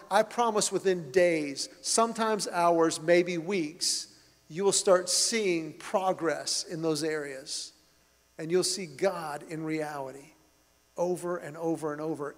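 A man's voice: high voice, steady tone, unhurried. A middle-aged man preaching a sermon as pastor, earnest and emphatic as he tells stories to his congregation. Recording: long reverb of a large hall.

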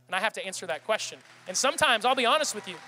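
A man's voice: sits high, expressive, rapid-fire, bright, forceful tone, long reverb tail, a little hiss or hum. A pastor in his thirties preaching a sermon with passion, often restarting his sentences. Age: 30s. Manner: impassioned, rambling with restarts. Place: church hall.

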